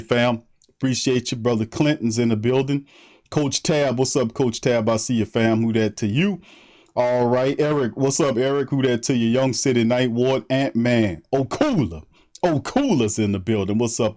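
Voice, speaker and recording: Laughing frequently, a man with a slightly mellow, medium-pitched voice hosts a sports livestream, calling out viewers by name and chatting in a loose, slangy way as a sports podcast host.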